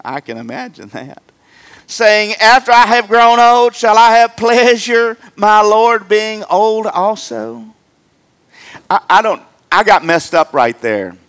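A middle-aged man preaching a humorous sermon, jumping between loud emphatic lines and quiet joking asides. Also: sits high, lively intonation, slow. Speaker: pastor.

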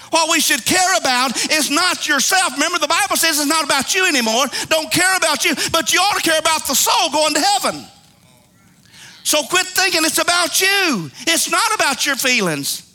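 A middle-aged male preacher with a strikingly high voice, delivering a fiery, folksy sermon. His tone is sharp and tense, and he calls out to the congregation for answers. He swings from emphatic shouts down to hushed pleading. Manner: call-and-response with the congregation; folksy, plain-spoken.

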